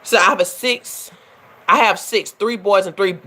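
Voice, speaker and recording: A woman's voice: mid-range voice, normal speed, very noisy. A woman hosting a casual livestream, chatting with viewers, laughing often and calling them y'all. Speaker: life coach and livestream host.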